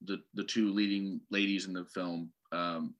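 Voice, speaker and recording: A man's voice: deep voice, level tone, unhurried. A man co-hosting a casual podcast about movie trailers, talking in a rambling, sardonic and opinionated way. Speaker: podcast co-host.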